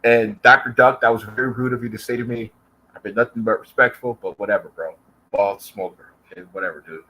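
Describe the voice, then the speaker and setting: A man's voice: fairly low pitch, fairly even intonation, fairly quick, sharp tone, rough recording. An American man delivering an angry, profanity-filled reaction rant at another commentator. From United States. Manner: heated, profane, combative. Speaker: YouTube commentator.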